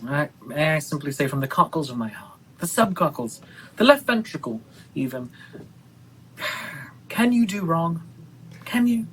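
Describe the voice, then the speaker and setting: A man's voice: sits high, lively intonation, unhurried, fairly bright tone, slight background noise. A man playing a playful William Shakespeare persona as a co-host, teasing and theatrical in a casual film review chat. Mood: effusive. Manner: theatrical, teasing, flowery phrasing.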